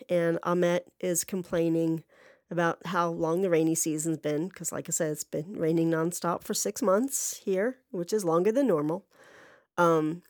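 A woman's voice: on the low side, a little mellow, no room sound, studio quality. A woman telling a story in a casual, rambling way, blunt and full of swearing and asides. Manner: blunt and profane. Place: near an apartment parking lot.

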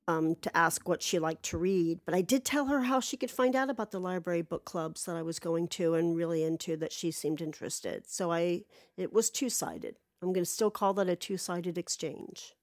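A woman's voice: on the low side, dry recording. A woman casually telling a personal story, rambling with many fillers and restarts and swearing freely.

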